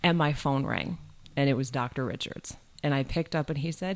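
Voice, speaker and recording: A woman's voice: extremely low pitch, moderate pace. A middle-aged woman from New York State speaks as a college provost in a campus podcast interview. She tells her story with energy and acts out the voices of the people she quotes.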